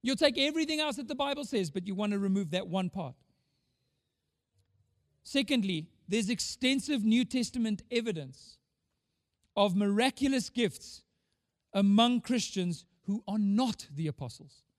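A man preaches with a high voice, firing off rhetorical questions and repeating words for emphasis. His voice rings with the long reverb of a large hall, though the voice itself stays close and dry. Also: animated, moderate pace. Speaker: pastor. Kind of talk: sermon.

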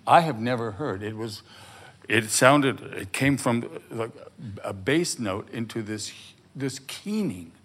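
An older man on stage talking warmly and haltingly about a fellow actor's work, full of restarts. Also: mid-range voice, animated, breathy edge. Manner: effusive, halting, many restarts. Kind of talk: conversational chat. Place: stage before a live audience.

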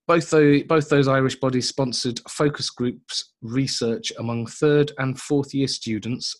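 A man co-hosting a casual podcast, bantering and swearing freely as he reads out news items. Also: medium pitch. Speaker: podcast co-host. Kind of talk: casual chat.

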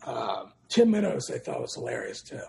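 A man's voice: mid-range voice, big pitch swings, normal speed, gravelly, warm tone. A man co-hosting a podcast, talking in a laid-back way and swearing casually. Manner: laid-back, swears, laughs while telling stories. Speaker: podcast co-host. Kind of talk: casual chat.

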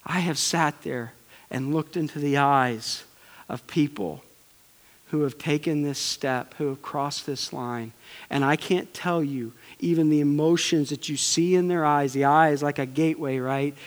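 A man preaching a sermon with passion, swinging from loud urging to hushed pleading. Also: fairly high pitch, measured pace. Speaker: pastor. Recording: long hall reverb.

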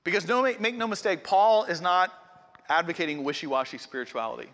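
A man's voice: high voice, fairly quick, a bit bright. A middle-aged man preaching a sermon in a conversational, earnest way, speaking directly to his congregation. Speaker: pastor. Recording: long hall reverb.

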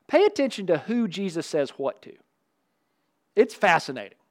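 Animated high-voiced man preaching. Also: fairly quick. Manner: animated, conversational preaching with asides and humor. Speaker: pastor. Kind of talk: sermon.

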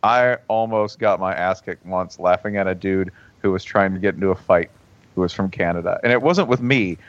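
A low-pitched man rambles through a comic podcast chat and keeps breaking into goofy accent impressions. The audio is dry and a bit dull, like a home podcast setup. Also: a little fast, no echo. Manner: animated storyteller who keeps slipping into exaggerated accent impressions. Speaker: podcast co-host. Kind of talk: casual comedic chat.

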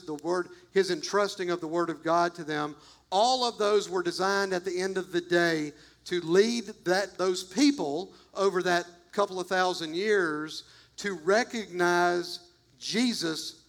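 A man's voice: high-pitched, a bit bright. A man preaching a sermon as pastor, emphatic and repetitive, talking straight to his congregation.

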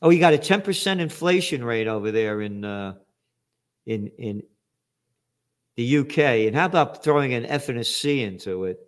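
A man delivering a political commentary rant, sarcastic and profane, rising to angry shouts. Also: medium pitch, lively intonation, normal speed.

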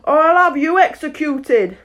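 A woman voicing a fussy, pompous male king, giving loud, stern but flustered commands. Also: high voice, animated, measured pace, voice pushed up.

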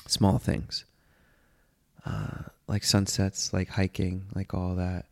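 A low-voiced man in his thirties talks through a casual comedic monologue. His voice has a gravelly, creaky edge. He rambles, swears freely and pokes fun at himself as host. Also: normal speed. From United States. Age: 30s. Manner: rambling, profane, self-mocking. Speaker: podcast host.

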